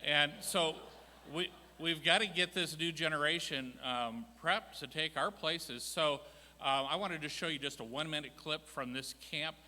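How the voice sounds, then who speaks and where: Man, folksy and jokey, very bright forceful tone, reverberant church hall. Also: on the high side, steady tone, moderate pace. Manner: jokey, folksy, self-deprecating. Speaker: ministry department chair. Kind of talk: humorous church presentation. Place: church sanctuary.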